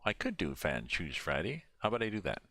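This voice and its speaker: Streaming a driving game from his home, an older Canadian man chats loosely, rambling and thinking out loud as he plays. He speaks briskly in a low voice with huge swings in pitch, and his tone is bright and forceful, with no room sound at all.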